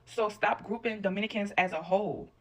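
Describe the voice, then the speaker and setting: A woman's voice: medium pitch, fairly quick, a bit bright. Woman, mid-range voice, blunt profane rant. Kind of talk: reaction video rant.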